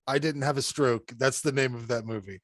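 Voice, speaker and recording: A man in casual podcast chat, ranting bluntly and swearing freely between short laughs. His voice sits at a middling pitch. The sound is dry and close, with no room echo. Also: a little fast. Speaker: podcast co-host reviewing horror films.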